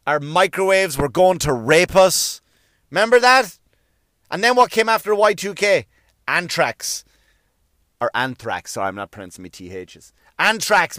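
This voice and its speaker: A man's voice: sits high, a bit bright, dry recording, studio quality. A man, ranting sarcastically with lots of swearing and rhetorical questions in a comic monologue. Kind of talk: profane comic rant.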